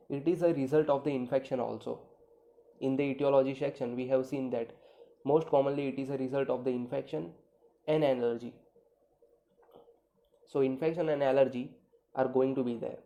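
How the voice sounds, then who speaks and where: A man's voice: medium pitch, mellow. A man giving a medical video lecture, talking conversationally, repeating key points and checking in with "okay" and "right".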